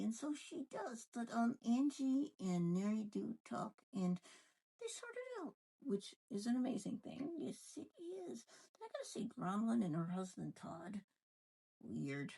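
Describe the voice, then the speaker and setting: A woman's voice: medium pitch, sing-song, measured pace, creaky, mellow, breathy edge, poor audio. A woman ventriloquist chatting casually in a gossipy back-and-forth banter, recapping a reality show.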